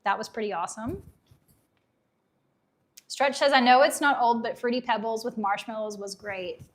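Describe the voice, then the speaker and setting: A woman in her thirties, casually chatting on a live unboxing stream, reading viewer comments aloud with nostalgic enthusiasm, her voice getting a little hoarse. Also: on the high side, normal speed. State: losing her voice. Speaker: livestream host.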